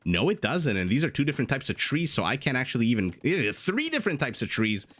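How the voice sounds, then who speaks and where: A man's voice: medium pitch, wildly swooping pitch, fast, fairly bright tone. A young man giving playful, self-deprecating live commentary on a strategy game, with jokey asides. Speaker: game caster.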